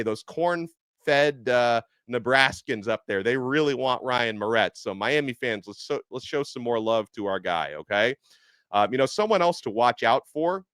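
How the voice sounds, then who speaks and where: A man hosting a casual sports podcast, talking in a chatty, animated way with plenty of fillers. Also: mid-range voice, normal speed, no room sound. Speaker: podcast host. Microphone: headset earpiece.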